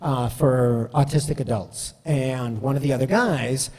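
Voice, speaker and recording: Man, presenter, mellow, loose and chatty with lots of fillers, long hall echo. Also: mid-range voice, a little slow. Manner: conversational, frequent fillers and "right?" asides. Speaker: speaker giving a talk. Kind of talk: storytelling presentation.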